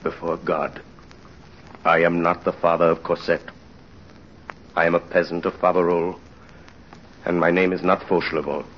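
An actor playing a tormented aging ex-convict father in an old-time radio drama, speaking in a somber, halting way. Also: low-pitched, flat delivery, highs cut off, a little hiss or hum, lightly acted. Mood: grave.

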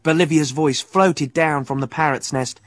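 A man narrating an adventure audiobook in an expressive, vivid storytelling manner. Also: on the high side, normal speed, no room sound, studio quality.

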